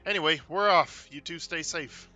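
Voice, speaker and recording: A man's voice: fairly high pitch, moderate pace, bright, forceful tone, soft background music. A man playing in a tabletop game, joking and speaking casually in character. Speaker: player.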